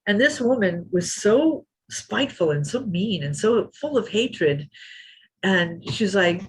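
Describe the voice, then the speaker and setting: A woman in her fifties, a former kickboxing champion, telling animated stories as a podcast guest and acting out what people said. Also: mid-range voice, slow, breathy edge, poor audio. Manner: animated, acts out quotes. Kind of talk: storytelling in a podcast interview.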